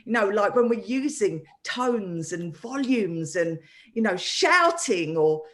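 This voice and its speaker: Lively woman in a casual therapy chat. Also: medium pitch, a little slow. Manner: animated, playful, breaks into sung and whispered asides. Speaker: co-host, therapist.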